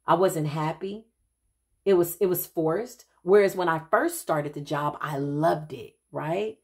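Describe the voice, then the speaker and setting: A woman giving a casual spiritual reading, telling stories in an animated, chatty way and calling her listeners child and honey. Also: deep voice. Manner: quick asides and restarts, laughs at herself. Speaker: intuitive spiritual reader.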